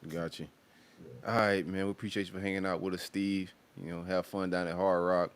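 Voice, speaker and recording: Laid-back deep-voiced podcast host. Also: male voice, flat delivery, a little fast, clean tone. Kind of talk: casual sports chat.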